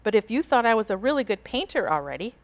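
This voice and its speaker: A woman voicing an anxious, earnest young girl in a storybook reading, speaking in a high, pleading voice. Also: big pitch swings, fast. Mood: upset.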